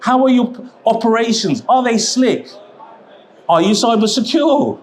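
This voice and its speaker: A man presenting a seminar at a trade expo, chatty and jokey, with quick asides. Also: very high-pitched, expressive. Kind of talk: live seminar talk. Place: exhibition hall seminar.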